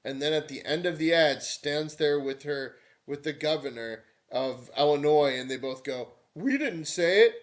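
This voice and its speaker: A man's voice: mid-range voice, fairly even intonation, moderate pace, few pauses. A man live-streaming political commentary, irreverent and mocking, breaking into whiny put-on voices.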